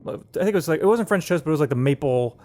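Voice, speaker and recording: A man co-hosting a casual podcast, chatty and quick to laugh at his own jokes. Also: a little high, animated, a little mellow. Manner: chatty, laughs often, self-deprecating jokes. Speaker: podcast co-host. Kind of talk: casual chat.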